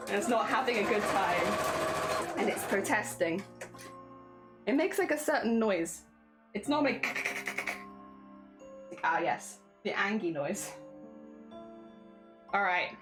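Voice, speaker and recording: A woman's voice: a little high, expressive, unhurried, long pauses. Chatty woman sewing with music behind. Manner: chatty, talks to her sewing machine. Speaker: streamer. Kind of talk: casual chat while sewing. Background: sewing machine noise and music.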